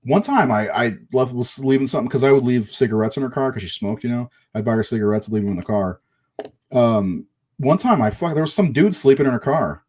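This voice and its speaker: A man's voice: mid-range voice, lively intonation, a little fast, a little mellow, husky. A middle-aged man casually telling a long personal story, rambling and swearing, with restarts.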